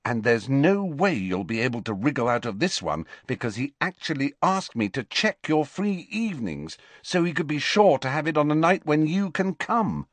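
A man's voice: on the high side, very animated, normal speed, hardly any pauses, no room sound, pitched above the performer's own voice. Man voicing a bossy, earnest teenage schoolgirl. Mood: insistent.

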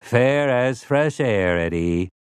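A man's voice: medium pitch, animated, slow, smooth, no room sound, clean studio sound. A man voicing a smug, overly polite male robot servant who speaks in formal, courtly phrasing. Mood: smug politeness.

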